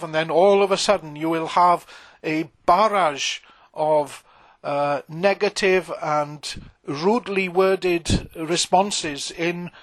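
A man with a high voice preaches a sermon in an unhurried, deliberate way, leaning hard on key words and pausing with fillers as he goes. The sound is dry and close, with no room around it. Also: no echo. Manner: earnest, emphatic preaching with frequent fillers and pauses. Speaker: pastor.

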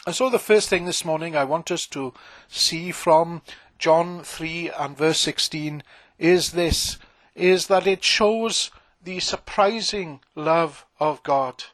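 A man with a high voice preaches a sermon in an unhurried, deliberate way, leaning hard on key words and pausing with fillers as he goes. The sound is dry and close, with no room around it. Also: a bit bright, no echo. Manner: earnest, emphatic preaching with frequent fillers and pauses. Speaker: pastor.

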